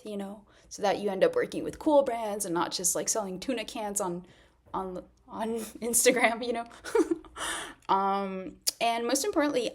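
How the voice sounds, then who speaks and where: A woman's voice: mid-range voice, vocal fry. A woman from Mexico, an actress, chatting casually in a vlog, rambling and laughing often. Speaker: actress and content creator.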